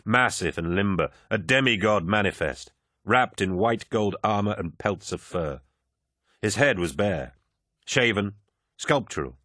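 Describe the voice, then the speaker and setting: In a lowish voice, a man reads scripted audiobook narration with a steady, measured storytelling delivery. The recording is dry and of studio quality.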